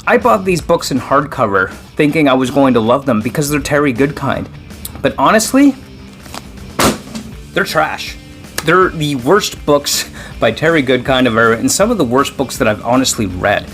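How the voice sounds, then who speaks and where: A man's voice: medium pitch, a little fast, soft background music. Chatty man rambling about books. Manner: chatty, rambling, with animated outbursts. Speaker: book vlogger host. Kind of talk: casual solo book vlog.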